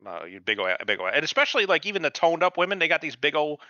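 A man's voice: a little high, very animated, rapid-fire, pushed and bright, no room sound. A man co-hosting a podcast in casual chat, rambling and swearing a lot. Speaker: podcast co-host. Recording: dull dry lo-fi sound.

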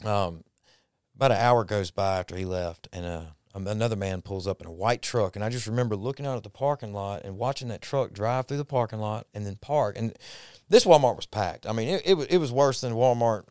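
A man's voice: lowish voice, fairly quick, darkish tone, clear, resonant tone, no echo, clean studio sound. A man telling a personal faith story in a folksy, repetitive way on a podcast. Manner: folksy Southern-style storytelling, repeats himself when moved. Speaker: podcast guest.

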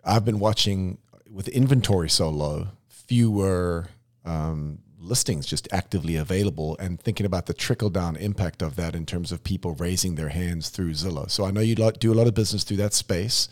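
Man, very deep voice, casual host, thoughtful, meandering speech. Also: moderate pace. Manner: thoughtful, rambling with restarts. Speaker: podcast host. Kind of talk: casual interview chat.

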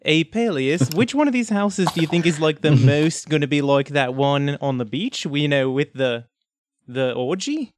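A man playing a tabletop game, joking and bursting out loudly at times. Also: fairly high pitch, expressive, moderate pace. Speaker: player. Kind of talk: casual tabletop play.

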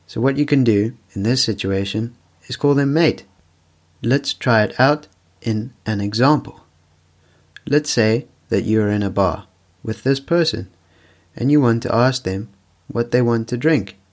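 A man presenting a scripted English lesson podcast, explaining phrases slowly and clearly with examples. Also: fairly low pitch. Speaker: English teacher.

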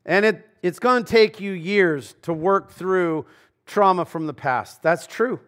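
A man's voice: high voice, unhurried, a bit bright. A man, a pastor, giving a sermon in a casual, conversational way with slang asides. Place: church.

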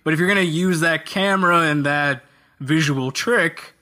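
A man co-hosting a casual gaming podcast, jokey and animated, often slipping into silly voices. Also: a little high, normal speed. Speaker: podcast co-host.

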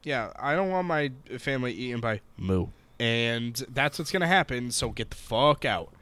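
A man's voice: medium pitch, animated, moderate pace, bright, forceful tone, clean tone. A man co-hosting a podcast, recapping a show in casual chat, profane and jokey, laughing often. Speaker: podcast co-host.

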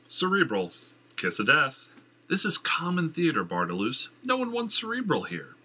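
Man playing a blunt serious man, direct, probing, lively pitch. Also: normal speed, husky, heavily acted. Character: blunt, serious man, former theater hand.

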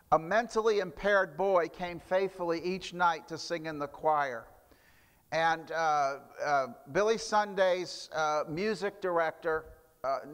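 A man's voice: sits high, fairly bright tone, smooth, big-room sound. A man preaching a sermon, telling stories with frequent restarts and fillers. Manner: storytelling with repeated restarts and fillers. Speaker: pastor.

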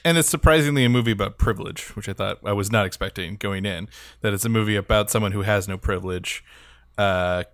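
A man with a fairly low voice talks through his thoughts on a casual podcast, acting out quoted lines now and then. The sound is dry and close. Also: quick pace, fairly bright tone, no room sound. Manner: talkative, mimics character voices when quoting. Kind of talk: casual podcast film discussion.

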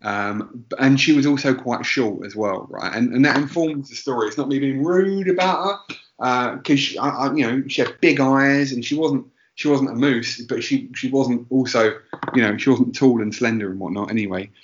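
A man's voice: medium pitch, moderate pace, dull audio, slight background noise. Sweary man telling a rambling story. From England, Essex. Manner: rambling, sweary, self-interrupting. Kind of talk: casual comedic storytelling.

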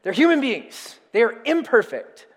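A man preaching a sermon to his congregation, animated, calling on them to repeat words with him. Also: very high voice, normal speed, slightly rough. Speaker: pastor. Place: church sanctuary. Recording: reverberant hall.

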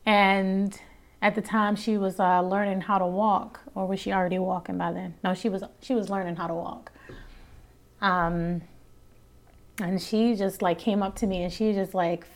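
A woman's voice: mid-range voice, little pitch movement, normal speed. A woman in casual conversation recalls a painful memory. She talks in a loose, rambling way, full of fillers and repeats, with feeling close to the surface. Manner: emotional, rambling with many fillers. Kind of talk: casual chat, personal story.

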